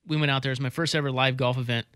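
Bright-voiced man telling sports stories. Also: medium pitch, level tone, rapid-fire, smooth, no echo, clean studio sound. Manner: rambling storyteller, laughs easily. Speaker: podcast co-host. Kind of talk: casual sports chat.

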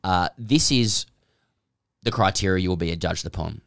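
A man's voice: deep voice, normal speed, vocal fry, fairly bright tone, dry recording, studio quality. A man co-hosting a podcast in casual chat, telling stories with lots of laughter and repeated restarts. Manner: chatty, laughing storyteller who repeats himself. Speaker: podcast co-host.

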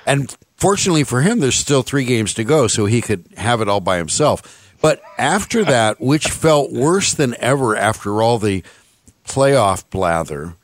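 A man's voice: medium pitch, very animated, a little slow, dry recording. A man hosting a sports radio show, giving wry, sardonic commentary.

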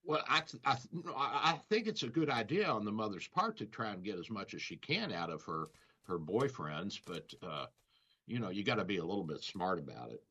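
A man with a low, bright voice hosts a radio health show, rambling through anecdotes with a chuckle. His pitch swings widely as he talks. The audio is dull and lo-fi. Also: big pitch swings, fairly quick, slightly rough. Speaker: radio show host, doctor. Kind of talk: casual radio banter.

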